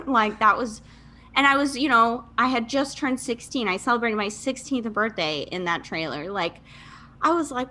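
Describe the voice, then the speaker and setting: A woman's voice: fairly high pitch, moderate pace, sharp tone. A woman in her thirties from Michigan, a podcast guest telling her life story candidly in casual, chatty talk with fillers and laughs. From Michigan, USA.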